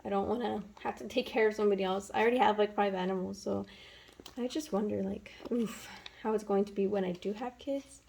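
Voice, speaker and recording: A woman chatty budget vlogger with vocal fry. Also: mid-range voice, steady tone, a little fast, darkish tone, slight background noise, rough recording. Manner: chatty, counts bills aloud, filler-heavy. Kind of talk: casual chat while counting cash.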